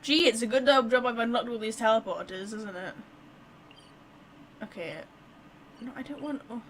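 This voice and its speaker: A woman's voice: fairly high pitch, moderate pace, fairly bright tone, slight background noise, low-quality recording. A woman giving casual, playful commentary while playing a game, chatty and full of fillers. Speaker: game streamer.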